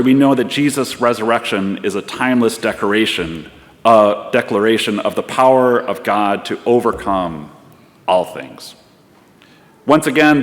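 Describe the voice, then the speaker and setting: A man preaching a sermon as pastor, in a reflective storytelling way. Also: lowish voice. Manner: storytelling, reflective, acts out voices. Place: church sanctuary. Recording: long church hall reverb.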